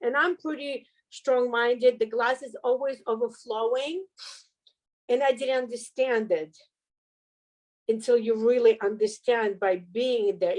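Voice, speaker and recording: A middle-aged woman with a fairly high voice tells her own story as a guest on a talk show. She speaks in a candid, heartfelt way, often laughing through painful moments. Her manner stays earnest and open throughout. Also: low-quality recording. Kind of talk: emotional personal testimony.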